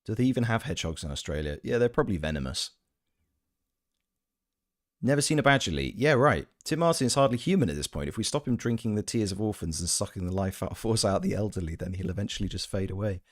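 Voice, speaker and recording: A man's voice: lowish voice, animated, fast talker. A man chatting casually on a game stream, reading his chat aloud with playful, joking asides. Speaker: gaming streamer and voice actor.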